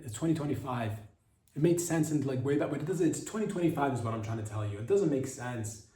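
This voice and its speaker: A man's voice: medium pitch, lively intonation, fast, mellow, echoey room, far from the mic, low-quality recording. A young man hosting a comedy podcast, riffing in a rambling, profane monologue full of mock outrage. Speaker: podcast host.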